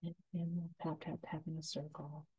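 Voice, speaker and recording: A woman giving a gentle, unhurried step-by-step painting lesson as the instructor. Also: low voice, little pitch movement, husky, highs cut off.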